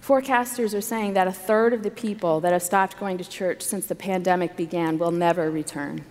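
A woman's voice: lowish voice, a little fast, hardly any pauses, darkish tone. A woman speaker preaching an earnest, story-filled sermon to a women's conference, with emphatic repetition. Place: large conference hall. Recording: live hall recording with long reverb.

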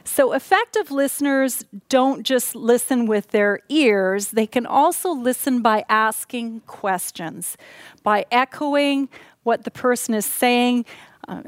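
A woman giving a measured, instructive teaching talk as a Bible teacher, walking through her points one by one. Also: fairly high pitch, no echo.

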